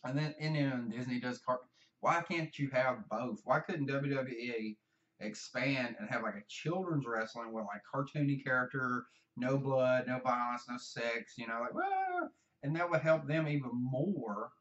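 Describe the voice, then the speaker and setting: A man's voice: medium pitch, moderate pace, a bit bright, far from the mic. Brief: Southern US guy, meandering, cursing, self-deprecating vlog ramble, muffled and set back from the mic. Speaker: vlogger. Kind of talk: rambling casual monologue.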